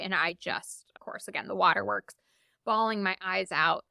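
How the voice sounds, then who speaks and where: Woman guest, 30s, lively storyteller doing little voices, crisp bright tone. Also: mid-range voice, moderate pace, no echo, clean studio sound. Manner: animated, acts out quoted voices. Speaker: podcast guest, memoir author. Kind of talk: casual storytelling.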